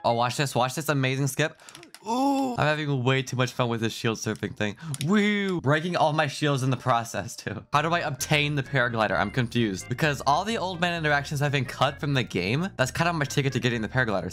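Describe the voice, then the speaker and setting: A man's voice: mid-range voice, animated, fast, few pauses, a bit bright. A young man giving let's play commentary, self-mocking and laughing often, breaking into yelps of alarm. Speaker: gaming YouTuber.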